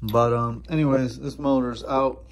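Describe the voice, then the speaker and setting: A man's voice: mid-range voice, steady tone, normal speed. A man walking through an engine swap in a garage, talking casually with many ums and uhs. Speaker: mechanic showing an engine swap. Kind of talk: casual walkthrough narration. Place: garage workshop.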